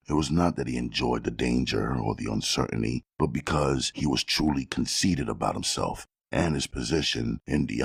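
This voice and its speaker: A man narrating a crime novel audiobook in a steady, measured storytelling manner with a gravelly voice. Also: a bass voice, no echo, clean studio sound.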